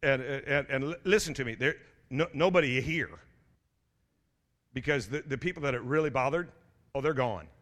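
With long pauses at a moderate pace, a middle-aged male pastor preaches to his church in a mid-range, slightly bright voice. His storytelling is casual and conversational, full of restarts and stammers, and he keeps calling out to the people in the pews.

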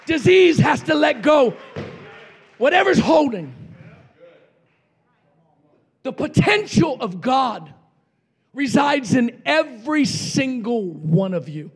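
Middle-aged man, fiery revival preacher; high gravelly voice, pushes the crowd to shout back. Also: big pitch swings, takes it slowly, pauses often. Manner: impassioned, shouting, calls for congregation response. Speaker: pastor. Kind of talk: revival sermon.

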